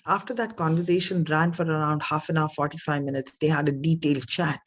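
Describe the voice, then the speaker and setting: A woman's voice: deep voice, fairly even intonation, brisk, few pauses. A woman telling motivational stories in an earnest, reflective way. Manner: earnest, reflective, acts out the voices of her characters. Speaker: storyteller. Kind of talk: motivational storytelling talk.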